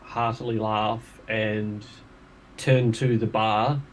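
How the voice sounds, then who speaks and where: A man's voice: on the low side, level tone, slow, slight background noise. A man playing a tabletop game, describing his character's actions in an easygoing way. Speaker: player. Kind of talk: tabletop role-play.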